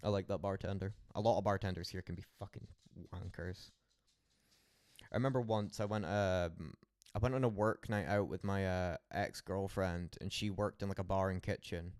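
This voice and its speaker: A man's voice: deep voice, fairly even intonation, normal speed, a little mellow, no echo, clean studio sound. A young Scottish man rambling through stories on a late-night stream, swearing a lot and laughing often. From Scotland.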